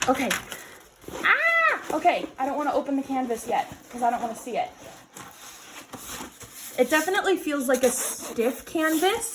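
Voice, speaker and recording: A young woman with a high, bright-sounding voice chats through a craft unboxing, gushing and excitable. She repeats her exclamations and laughs often. A faint hiss sits under the recording. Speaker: crafting vlogger. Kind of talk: casual unboxing chat.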